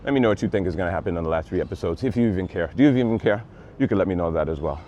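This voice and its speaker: A man's voice: low voice, lively intonation, rapid-fire, warm tone, dull audio, slight background noise. A man giving a casual, rambling and sarcastic review of a TV show, plainly exasperated.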